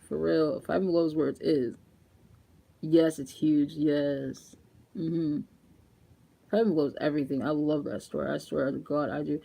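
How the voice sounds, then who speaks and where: Chatty low-voiced woman vlogging about makeup. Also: unhurried, creaky, breathy edge. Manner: chatty and animated, laughs often, talks straight to viewers. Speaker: beauty vlogger. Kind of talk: casual makeup vlog chat.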